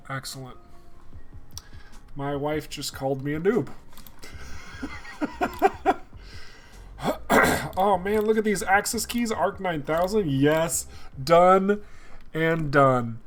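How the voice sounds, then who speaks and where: A man's voice: a little high, expressive, slow pace, pauses often, faint music behind. A young man giving casual live commentary on a game, chatting with viewers. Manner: chatty, talks to chat viewers by name. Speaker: gameplay streamer.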